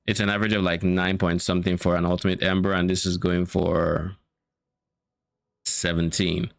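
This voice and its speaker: A man's voice: low voice, vocal fry, fairly bright tone, dry recording, studio quality. A man streaming a game, casually thinking aloud about loot and swearing now and then. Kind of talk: casual gameplay commentary.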